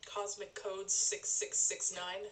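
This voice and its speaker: A woman's voice: mid-range voice, level tone, slow. A woman co-streaming a game, chatting in a playful, teasing way. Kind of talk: casual gaming stream chat. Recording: distant mic, loud game music.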